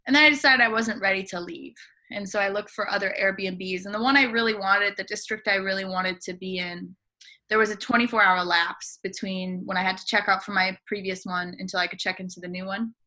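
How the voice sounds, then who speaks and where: A woman from the United States spins a relaxed travel anecdote as a podcast guest. Her voice is bright and forward, and her talk runs breezy and chatty, sprinkled with casual fillers. Her pitch sits in the middle. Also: a little fast. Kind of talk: casual storytelling.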